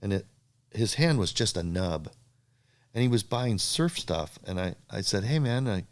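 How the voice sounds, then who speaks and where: An older man who shapes surfboards tells stories with great animation in a casual interview, his voice lowish and his pace normal. When he acts out other people's lines, he raises his voice.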